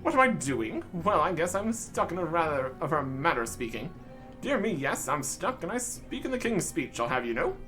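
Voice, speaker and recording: A man's voice: a little high, big pitch swings, moderate pace, a bit bright, faint music behind. A man voicing a pompous old dwarf with a long beard who speaks in a plummy, posh, old-fashioned English way. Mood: jolly.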